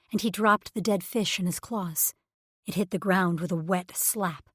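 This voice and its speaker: A woman's voice: on the low side, measured pace, a bit bright, breathy edge, dry recording. Woman reading a romance audiobook, first person, intimate and emotional, dry close mic. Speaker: audiobook narrator.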